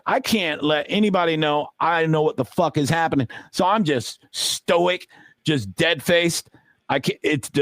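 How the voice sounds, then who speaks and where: A middle-aged man on a podcast telling casual stories about dealing poker. He swears freely and acts out the quotes, with sudden jumps up in pitch. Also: dry recording, studio quality. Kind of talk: casual storytelling.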